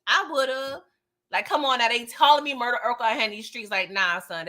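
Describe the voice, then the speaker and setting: A woman hosting a casual TV recap, talking in an animated way, often laughing and tagging her sentences with "okay?". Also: on the high side, brisk. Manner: animated, tags lines with "okay?". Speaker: TV recap channel host.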